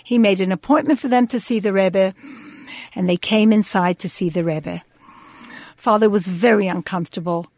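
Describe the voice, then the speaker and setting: A woman hosting a radio talk show, telling a story slowly and deliberately with dramatic pauses. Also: mid-range voice, darkish tone, dry recording.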